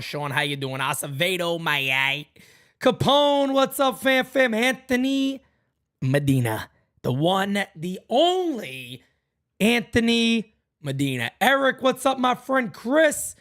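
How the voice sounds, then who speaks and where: A man hosting a live fan morning show, hyping up and greeting viewers by name, then dropping his voice low to talk seriously. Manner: hyped shout-outs to chat, drops low when serious. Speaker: podcast host.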